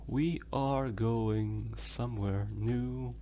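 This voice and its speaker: A man's voice: medium pitch, slow, gravelly, slight background noise. A young man giving rambling let's play commentary as he plays, talking to himself and swearing when things go wrong. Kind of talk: game commentary.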